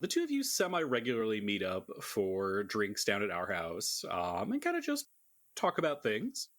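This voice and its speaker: A man's voice: fairly low pitch, huge pitch swings, normal speed, a bit bright. Wry man narrating as game master. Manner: wry, joking asides while narrating.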